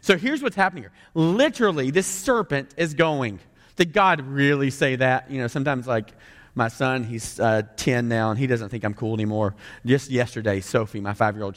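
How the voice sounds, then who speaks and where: A male pastor with a Southern American accent preaches a sermon to a big congregation. He is conversational and animated, throwing quick jokes to the crowd. His voice sits at a middle pitch, and a long reverb rolls through the large room. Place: large room with a couple hundred people.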